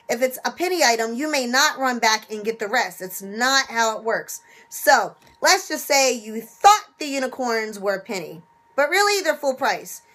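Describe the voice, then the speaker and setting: Animated woman, a bit high. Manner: animated, acts out little scenes. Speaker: penny shopping video host. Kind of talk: casual instructional talk.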